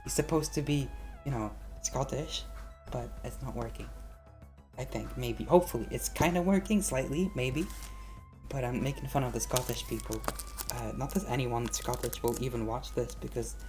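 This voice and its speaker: A woman's voice: rumbling low, moderate pace, over music. A woman game streamer making casual, self-deprecating asides while playing on a livestream.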